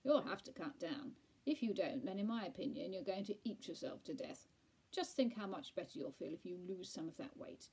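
A woman's voice: on the low side, animated, dark tone, husky, exaggerated voice. Woman doing a posh, clipped tomcat. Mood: firm advising. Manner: brisk, firm, clipped. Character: posh clever male Persian tomcat.

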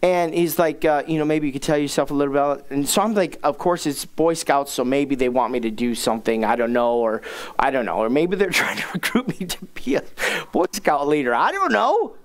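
A man's voice: a little high, fairly quick. A middle-aged man, a pastor, telling a humorous personal story in a sermon, self-mocking and acting out the people he quotes. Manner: animated, self-mocking, acts out quoted dialogue.

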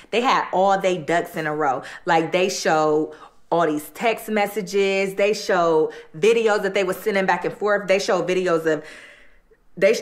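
A woman hosting an eating show, retelling a true-crime story in a casual, colloquial way with repeated phrases. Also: on the low side. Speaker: host.

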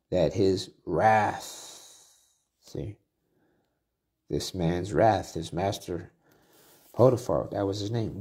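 Gravelly low-voiced male preacher. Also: slow, pauses often, mellow. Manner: reads scripture aloud then explains it, with restarts and asides. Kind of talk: Bible study sermon.

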